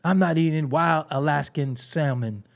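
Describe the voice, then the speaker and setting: On a hip-hop commentary show, this host speaks at a moderate pace in a voice that sits on the high side. His rant is loose and comedic, full of profanity, frequent laughter, animated energy, and mocking impressions.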